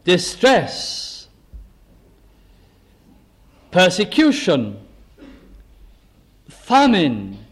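Slow, high-voiced male preacher. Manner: deliberate preaching, rhetorical questions and slow lists of words. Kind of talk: sermon.

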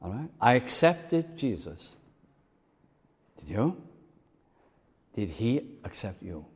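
Lively, emphatic male preacher in a reverberant hall. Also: lowish voice, takes it slowly, breathy edge. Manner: lively, emphatic preaching with sudden drops to quiet asides. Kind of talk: sermon. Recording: long reverb of a large hall.

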